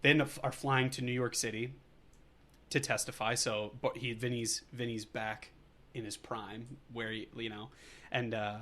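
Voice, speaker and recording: A man's voice: medium pitch, level tone, normal speed, fairly bright tone. A man co-hosting a podcast, recapping a movie in casual chat, rambling loosely with lots of fillers and frequent laughter. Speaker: podcast co-host.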